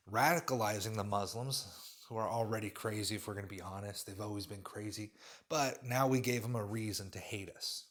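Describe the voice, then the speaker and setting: A man giving an impassioned religious monologue, swinging between sudden loud bursts and quiet asides. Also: on the low side. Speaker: religious commentator.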